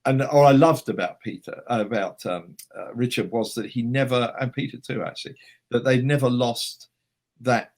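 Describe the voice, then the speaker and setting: A man who is a writer, a guest in an interview, telling anecdotes in a chatty, animated and self-deprecating way. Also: mid-range voice, normal speed. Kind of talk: anecdotal storytelling.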